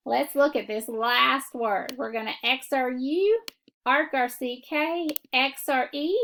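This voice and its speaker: Woman teaching kids to read, kinda high voice, goes real slow. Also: creaky, a bit bright. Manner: slow, deliberate instructional delivery. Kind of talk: phonics lesson for children.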